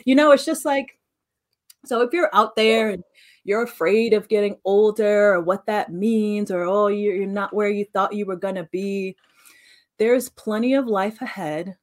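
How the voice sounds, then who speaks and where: A woman's voice: mid-range voice, unhurried. A woman in her late thirties co-hosting a podcast, telling stories in casual chat and acting out the voices she quotes. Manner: animated storyteller, acts out quoted voices. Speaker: podcast co-host.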